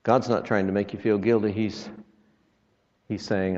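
A man's voice: lowish voice, flat delivery, measured pace, darkish tone. A man preaching a sermon in a folksy way, with joking asides and quoted scripture, in a church. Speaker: traveling preacher. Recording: reverberant, dull lo-fi sound.

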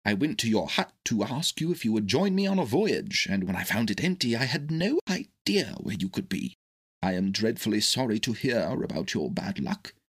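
A man voicing a kindly, eccentric older male doctor in a storybook reading, brisk and earnest. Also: fairly low pitch, sing-song, breathy edge. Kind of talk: audiobook character reading.

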